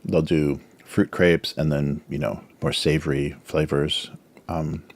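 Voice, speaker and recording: A man's voice: very deep voice, level tone, a little slow. A man hosting a casual drawing livestream, rambling with many fillers and talking with his mouth full as he snacks. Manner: filler-heavy, chuckles often. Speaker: livestream host, cartoonist.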